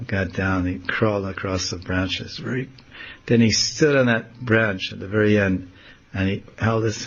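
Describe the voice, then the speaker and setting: A man, a swami, giving a devotional lecture, telling a story softly and acting out the scenes. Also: lowish voice. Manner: soft-spoken, animated storyteller acting out scenes. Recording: slightly muffled lo-fi recording.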